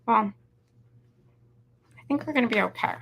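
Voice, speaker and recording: Bright chatty woman in her forties. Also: a little high, normal speed, creaky. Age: 40s. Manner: chatty, rambling, says "y'all" and "you guys". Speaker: craft video host. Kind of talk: casual live craft tutorial chat.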